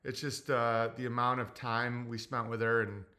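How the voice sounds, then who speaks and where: A man in his forties, hosting a livestream, talking in a halting, emotional way, tearful, with many fillers and blunt profanity. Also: medium pitch, level tone, sharp tone. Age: 40s. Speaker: livestream host. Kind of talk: casual livestream talk reading chat.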